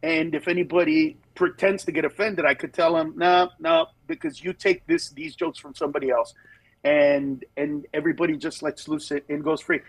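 A man's voice, higher than most and a little husky, tells stories on a radio call-in. He jumps into other people's voices and stumbles through restarts. The sound is close and dry. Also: brisk, no echo, low-quality recording. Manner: animated storytelling, acts out voices, many restarts. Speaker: comedian guest. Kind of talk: phone-in radio interview. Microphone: phone or Bluetooth line.

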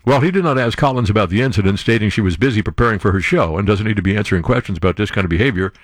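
A man hosting a show, reading news stories aloud and breaking off into sarcastic, animated commentary. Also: racing, no echo, studio quality. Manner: animated, sarcastic asides, jumps to high exclamations. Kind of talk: casual political commentary.

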